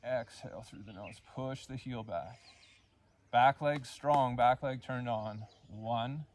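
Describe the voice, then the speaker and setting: A man leading a yoga class, cueing poses and breaths in a calm, unhurried way and counting the holds. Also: mid-range voice. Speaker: yoga instructor. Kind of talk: guided yoga class instruction.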